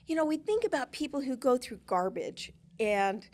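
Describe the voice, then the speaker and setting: A woman in her fifties, a guest expert in an interview, telling a personal story with lively shifts between loud and soft delivery. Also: high-pitched, moderate pace.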